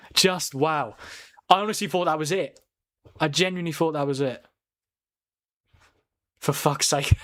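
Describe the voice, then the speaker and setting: A young man hosting a live football watchalong from home, chatty and excitable, jumping to loud calls at big chances. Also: a little high, no echo, studio quality. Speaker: watchalong host. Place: room at home, family downstairs.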